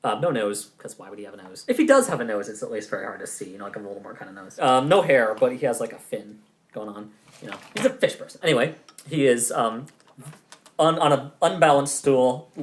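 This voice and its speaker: A man's voice: mid-range voice, lively intonation, a little fast. A man running a tabletop game as game master, narrating in a loose, chatty way with laughing asides.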